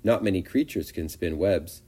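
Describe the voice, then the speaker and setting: A man reading a storybook aloud and voicing a wise, calm female spider who speaks in a measured, gently lecturing way. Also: deep voice, breathy edge. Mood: calm advising.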